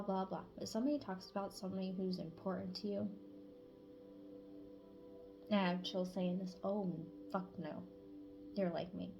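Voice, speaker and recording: Blunt, cussing woman tarot reader. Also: mid-range voice. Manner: blunt and casual, swears freely, drops to a hush at times. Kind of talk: channeled spiritual reading.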